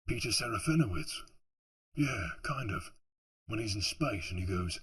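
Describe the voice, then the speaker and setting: A man's voice: lowish voice, moderate pace, pushed and bright, breathy edge. A tired man in a put-on British accent, rambling and chuckling late at night. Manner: rambling, self-mocking, chuckling. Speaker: audiobook narrator.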